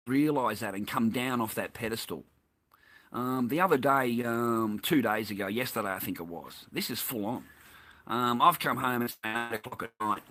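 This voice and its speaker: A man's voice: mid-range voice, pushed and bright, slight background noise. An Australian man in a rambling, heated, profane monologue, swearing constantly.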